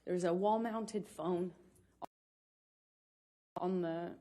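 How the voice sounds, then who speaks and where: A woman in her thirties giving halting, hesitant testimony on a courtroom witness stand, speaking into a stand microphone. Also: lowish voice, fairly even intonation, mellow. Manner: halting, hesitant recounting with restarts. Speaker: trial witness.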